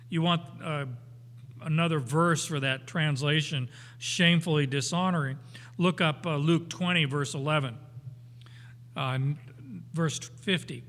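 An older man teaching through a Bible passage in a folksy, unhurried way, slowing down to read the verses emphatically. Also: a little high, a bit bright. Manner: folksy, unhurried, with anecdotes and chuckles; emphatic when reading scripture aloud. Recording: hall reverb.

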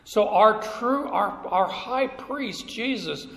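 A man's voice: high-pitched, expressive, slow pace, creaky, a bit bright. A middle-aged man preaching a sermon, telling stories with emphatic delivery, recorded in a church hall. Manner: storytelling, emphatic. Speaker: pastor. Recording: echoey hall, roomy reverb.

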